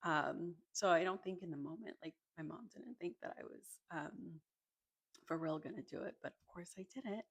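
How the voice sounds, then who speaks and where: A woman from Arizona tells her story straight to the camera in a loose, chatty way, filling her sentences with "like." Her voice sits fairly low and has a husky edge with a gravelly fry at the ends of phrases. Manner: chatty, many "like" fillers, casual swearing. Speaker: energy healer and Reiki practitioner. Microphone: microphone in front of her.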